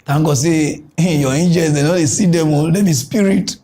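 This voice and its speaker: Ranting Nigerian Pidgin man, high voice. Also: moderate pace. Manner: animated ranting, chuckles often. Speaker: mock news host. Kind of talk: comic mock news rant.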